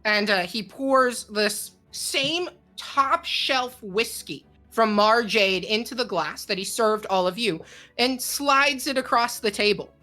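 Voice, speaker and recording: A woman narrating a tabletop game as game master, slowly and vividly, with frequent fillers. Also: a little high, sharp tone, faint music behind.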